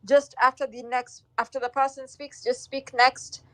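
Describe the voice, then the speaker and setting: A woman's voice: high voice, little pitch movement, fairly bright tone, dry recording. A woman moderating an online audio space, calling on speakers in turn. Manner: unhurried, organizing.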